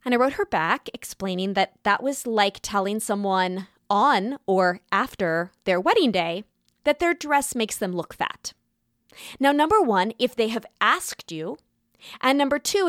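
A woman's voice: fairly high pitch, a little slow, no room sound. Earnest woman podcast host, dry mic. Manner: animated, earnest, talks with her hands. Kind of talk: monologue podcast.

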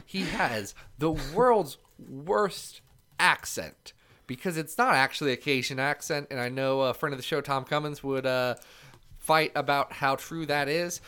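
A man's voice: fairly high pitch, measured pace, pushed and bright. A man co-hosting a podcast in a casual, playful, theatrical way, often laughing. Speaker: podcast co-host. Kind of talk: casual chat.

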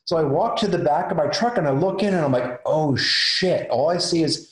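A man's voice: on the high side, quick pace. A man, a special effects makeup artist, telling a story casually and acting out the voices of the people in it. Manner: animated, acts out the voices in his story. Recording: roomy echo.

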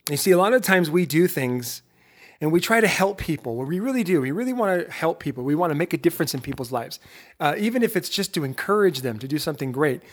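A middle-aged man hosting his own podcast, giving a lively motivational talk straight to his listeners, full of rhetorical questions and self-interruptions. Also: fairly high pitch, fast. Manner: self-interrupting, laughs at himself. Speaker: podcast host.

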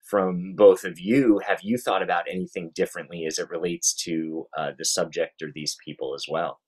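A man hosting a podcast who talks in a measured, reflective way and steers the conversation. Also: low-pitched, fairly even intonation, slightly rough, rough recording. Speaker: podcast host. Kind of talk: casual chat.

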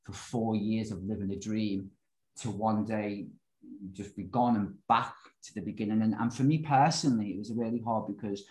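A man in his forties with a Liverpool accent, a guest telling his life story in a casual, animated way and often saying "you know". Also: fairly low pitch, moderate pace, rough recording. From Liverpool, England.

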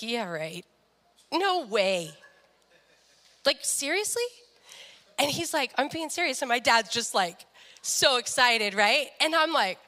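A woman's voice: high voice, sharp tone, long reverb tail. A young woman sharing a personal faith story in an earnest devotional talk, often quoting people in their own voices. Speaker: speaker sharing a testimony.

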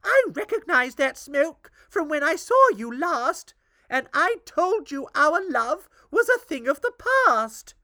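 A woman voicing a shrill, indignant queen defending her son in a storybook reading. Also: big pitch swings, slow pace, dry recording, clean studio sound, full character voice. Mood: furious. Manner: squealing, indignant. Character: shrill furious older queen, protective mother.

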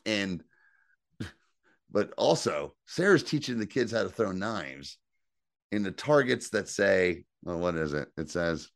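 A man's voice: sits low, sing-song, unhurried, vocal fry, no room sound, studio quality. A man co-hosting a podcast, recapping a TV episode in casual, rambling chat and acting out characters' lines. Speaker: podcast co-host.

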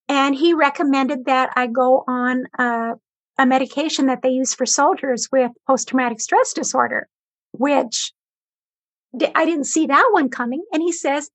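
A woman's voice: sits high, fairly even intonation, measured pace, no room sound. A woman guest on a talk show, earnestly retelling her experiences with quoted back-and-forth dialogue. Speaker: guest sharing cancer experience. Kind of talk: conversational storytelling.

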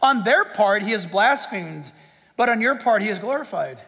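A man delivers a sermon in a very high, bright voice that rings out. He reads scripture and breaks in with pointed, emphatic asides, and a long hall echo follows him. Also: lively intonation, moderate pace, vocal fry. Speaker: pastor. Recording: echoey hall recording.

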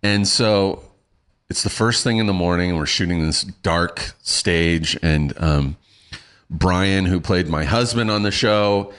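A middle-aged man telling a story in casual chat, animated and swearing, acting out what people said. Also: low-pitched, takes it slowly, clean tone. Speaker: guest.

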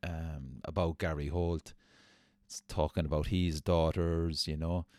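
Deep-voiced man telling a rambling story. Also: fairly even intonation, a little slow, a little mellow, no room sound, studio quality. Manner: rambling anecdotal, swearing, self-mocking. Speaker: podcast host. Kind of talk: casual storytelling.

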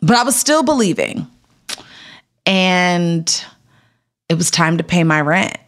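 An actress in her thirties, guesting on a podcast, tells a personal story in casual chat with a fairly low, slow voice. She's animated, acting out what people said to her in raised voices.

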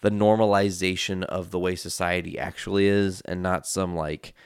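Low gravelly man recapping a movie. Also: little pitch movement, moderate pace, dry recording, clean studio sound. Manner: rambling, swears freely, lots of fillers. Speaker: movie reviewer.

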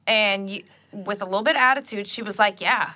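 A woman's voice: mid-range voice, fast talker, pushed and bright. A young woman co-hosting a podcast in casual chat, blunt and wry, often chiming in. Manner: wry interjections, laughs along, blunt. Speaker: podcast co-host.

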